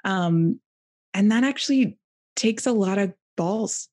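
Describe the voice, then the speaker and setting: A woman's voice: mid-range voice, expressive, takes it slowly, darkish tone. A woman podcast host talking reflectively and hesitantly in a casual conversation. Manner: reflective, hesitant, many fillers.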